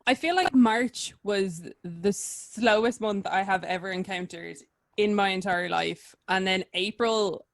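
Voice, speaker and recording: A woman's voice: medium pitch, measured pace, vocal fry, no room sound. A woman hosting a podcast in casual chat, teasing her co-host with friendly questions.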